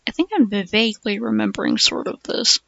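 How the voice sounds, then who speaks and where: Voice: medium pitch, expressive, brisk, gravelly, fairly bright tone, no echo, highs cut off. A streamer chatting casually and reading aloud, musing with lots of fillers and hums.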